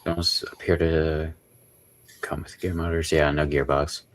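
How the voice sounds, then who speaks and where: A man hosting a casual livestream, reacting with quick short interjections and reading viewer questions aloud. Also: extremely low pitch, flat delivery. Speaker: livestream host.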